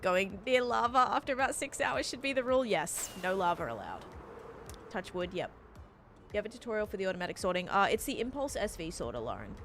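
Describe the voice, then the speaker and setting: A woman's voice: medium pitch, sing-song, a little fast, a bit bright, slight background noise. A young woman streamer chatting casually while she plays, reading out and answering her viewers in a rambling, friendly way. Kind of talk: casual live-stream chat, reading chat aloud. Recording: faint music behind voice.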